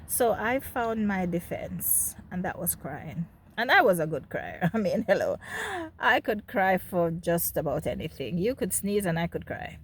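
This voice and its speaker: A woman's voice: lowish voice, very animated, measured pace, husky. Jamaican woman telling her own story. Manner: candid, speaks directly to viewers, laughs between remarks. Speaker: host. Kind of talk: personal storytelling monologue.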